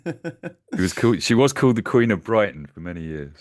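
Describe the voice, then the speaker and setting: A very deep-voiced man recorded close and dry, with no room sound. He hosts a casual chat over a video call and tells stories, putting on the voices of the people in them. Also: sing-song, a little fast, dry recording. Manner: storytelling, acts out quoted voices. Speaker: host.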